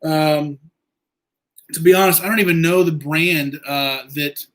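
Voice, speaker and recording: A man hosting a casual livestream, answering viewer questions in a rambling, halting way with many fillers. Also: fairly high pitch, fairly even intonation, fairly bright tone. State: eye irritated from injury. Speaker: livestream host.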